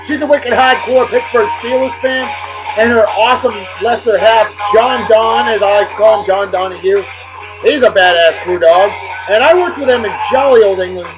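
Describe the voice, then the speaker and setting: A high-pitched man gives boisterous, joking shout-outs to his viewers, jumping from loud bursts to mumbled asides. The recording is dull and lo-fi, with clear music playing underneath. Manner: boisterous and jokey, swinging between loud bursts and low asides. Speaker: host of a daily beer and music video show.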